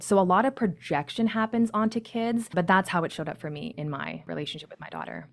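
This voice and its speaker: A woman's voice: on the low side, brisk, creaky, few pauses. A woman in her thirties, a parenting coach, speaking candidly and reflectively as a podcast guest. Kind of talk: casual podcast conversation.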